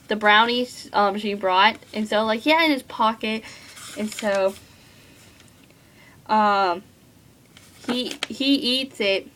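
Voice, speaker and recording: A woman's voice: medium pitch, fairly bright tone, a little hiss or hum, poor audio. A teenage girl reviewing a book at home in a rambling, gushing way, full of filler words. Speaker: book vlogger.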